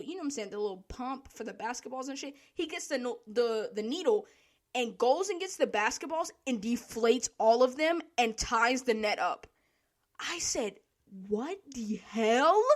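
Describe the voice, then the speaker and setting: A young woman telling work stories to camera in a casual, profane, laughing rant. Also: on the high side. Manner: profane, animated, laughing, exasperated. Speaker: vlogger.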